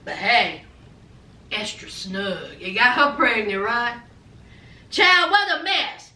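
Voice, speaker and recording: A woman's voice: on the high side, animated, slow pace, sharp tone. A woman reviewing a reality show in casual, sassy, teasing gossip commentary. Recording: echoey room, distant from mic.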